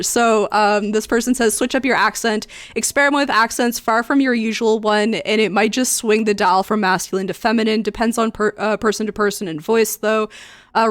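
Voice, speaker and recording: A young woman streamer chatting casually as she reads and reacts to forum posts, full of ums and likes and quick laughs. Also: on the high side, dry recording, clean studio sound. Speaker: streamer and host.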